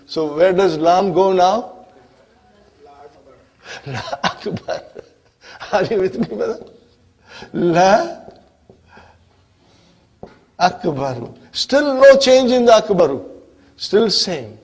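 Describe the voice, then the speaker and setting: A man teaching an Arabic grammar class, speaking slowly and deliberately and often checking that his listeners follow. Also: high-pitched, expressive, a little mellow, slightly rough. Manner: slow, deliberate, constantly checks on listeners with questions.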